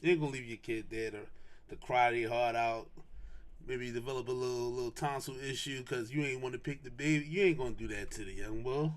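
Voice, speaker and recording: A young adult man hosting a podcast, telling a casual story in a slangy, animated way and repeating lines for emphasis. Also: mid-range voice, a little fast. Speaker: podcast host.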